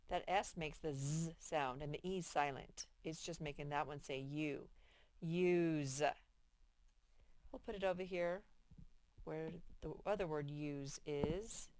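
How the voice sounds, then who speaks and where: A woman with a deep voice teaches sight words to young children, patiently drawing out the sounds of each word in this reading lesson. The recording is dry.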